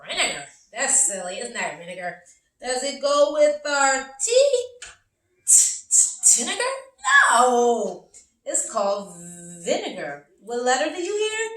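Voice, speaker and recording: Woman, kids' phonics teacher: high, lively, slow sing-song; mic a bit far off in an echoey room. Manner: slow, sing-song, encouraging, exaggerated letter sounds. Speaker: early-learning teacher. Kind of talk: phonics lesson for young children. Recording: roomy, from a distance.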